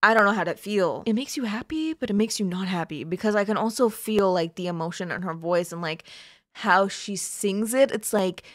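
A woman hosting a reaction video, talking casually in excitable, exclamatory bursts and gushing asides. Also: mid-range voice, moderate pace, no room sound, clean studio sound.

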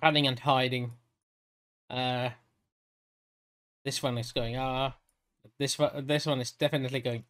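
A man narrating a tabletop game as game master, halting and restarting often. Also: medium pitch, a bit bright. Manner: halting, full of fillers and restarts.

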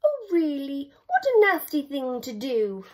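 A woman voicing a polite, gentle male dragon in a children's storybook, sing-song and bright. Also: high-pitched, wildly swooping pitch, a little slow, full character voice. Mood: mildly offended.

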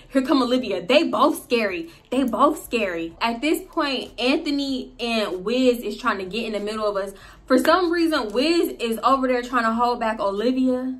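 A woman vlogger telling a story in a casual, animated way, full of slang, swearing and laughing asides. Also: fairly high pitch, normal speed.

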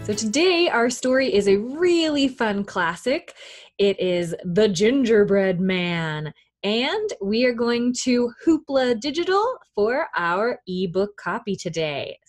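A woman leading a children's storytime, reading aloud slowly and gently with lots of encouragement. Her voice is fairly high and very animated, rising and falling as she draws little listeners in. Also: faint music behind. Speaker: children's librarian.

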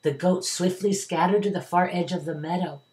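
Older lady reading a kids storybook out loud, low voice, teacher vibe. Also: moderate pace. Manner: warm, expressive reading to children. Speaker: retired teacher reading aloud. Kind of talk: children's story read-aloud. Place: at home.

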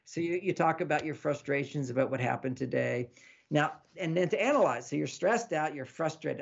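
A man with a fairly high, gravelly voice and a breathy edge talks at normal speed, the recording's highs cut off. Interviewed as an author, he animatedly performs snippets of dialogue while teaching his ideas and repeating lists.

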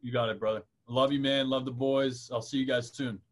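A man guests on a podcast and talks in an easy, friendly manner. His voice has an ordinary middle pitch. He keeps things loose, tossing in "bro" and "brother.". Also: fairly even intonation, brisk. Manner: laid-back, friendly, calls the host "bro". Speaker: guest, professional baseball pitcher. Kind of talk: casual interview chat.

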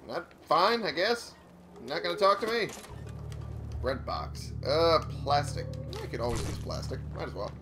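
A man's voice: fairly high pitch, animated, measured pace, music in the background. A man giving casual gameplay commentary, muttering to himself, swearing often, and making fun of himself.

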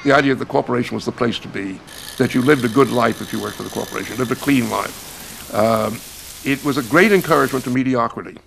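An older American man talks slowly and thoughtfully, stopping now and then to restart. His voice is gravelly, with a faint hiss behind it. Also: medium pitch, fairly bright tone. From United States. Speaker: novelist being interviewed. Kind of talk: reflective documentary interview.

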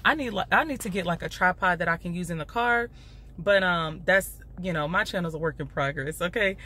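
Her voice fairly low but bright and forceful, a young Chicago woman speaks briskly in a casual car vlog. She holds her phone at arm's length, addresses the camera directly, and uses "y'all" a lot in her chatty talk.

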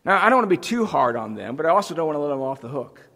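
A man's voice: a little high, sing-song, very fast, gravelly, a bit bright, big-room sound. A man preaching a sermon as pastor, earnest and emphatic, building intensity as he goes. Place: church sanctuary.

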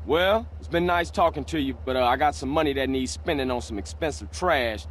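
A man's voice: mid-range voice, a little fast, fairly bright tone, natural voice. An actor playing a street-smart young man, the hero of a video game, talking in laid-back, wry street slang.

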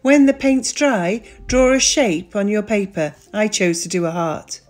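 A woman presenting a children's craft and breathing session, speaking warmly and directly to the children. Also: mid-range voice, unhurried, soft background music. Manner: warm, lively, addresses children directly. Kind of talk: friendly children's activity lesson.

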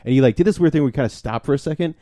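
A young man talks fast, rattling through a convention story and acting out each exchange. His voice is dark and mellow, recorded close and dry with no room sound. He swears freely and keeps the casual chat going. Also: a little high, no echo. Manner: excited storyteller, swears freely, acts out quotes. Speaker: podcast co-host.

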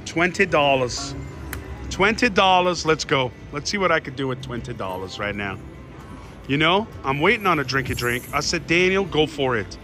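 A man in a casino, calling out his slot spins to viewers with excited shouts and groans. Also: a little high, normal speed, faint music behind. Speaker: slot machine vlogger. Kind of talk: excited live slot commentary. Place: casino floor.

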